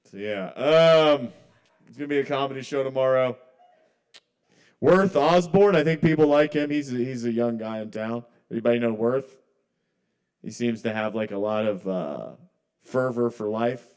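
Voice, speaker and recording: A man's voice: mid-range voice, moderate pace, a little mellow, clear, resonant tone. A man performing a rambling, conversational stand-up set at an open mic, often trailing off mid-thought. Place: live kava bar open mic.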